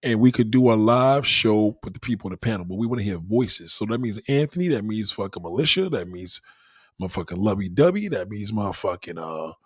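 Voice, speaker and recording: A man hosting a casual late-night livestream, reacting loudly to chat with profane, laughing banter. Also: lowish voice, lively intonation, fairly quick, slightly rough, no room sound, studio quality. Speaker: livestream host.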